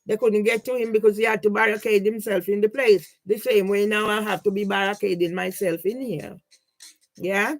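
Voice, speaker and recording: A low-quality recording with faint music behind it captures an older woman's steady, medium-pitched voice at a normal speed. The vlogger rambles casually over her personal photos, grieving and aggrieved, checking in often with "yeah?"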